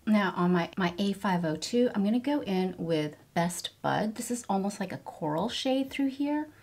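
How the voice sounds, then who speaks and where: A woman's voice: medium pitch, animated, normal speed, a little mellow. A woman in her fifties doing a get-ready-with-me makeup tutorial, gushing enthusiastically over each product as she applies it. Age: 50s. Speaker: beauty vlogger.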